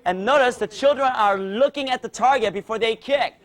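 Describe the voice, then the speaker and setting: A man teaching a martial arts class for young children, explaining drills and loudly cheering the kids on. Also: very high-pitched, a little fast. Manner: energetic, coaching and cheering children on. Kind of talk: instructional demo with kids.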